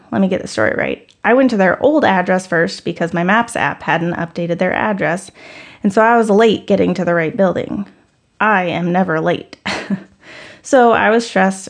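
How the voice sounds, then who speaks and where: A woman in her thirties telling a personal story in a candid, conversational, self-deprecating way. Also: mid-range voice.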